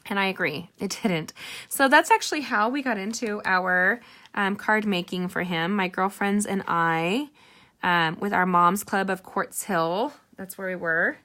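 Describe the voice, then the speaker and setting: A woman's voice: mid-range voice, a little slow, pushed and bright. A middle-aged woman hosting a casual live card-making tutorial, chatty and rambling with personal asides.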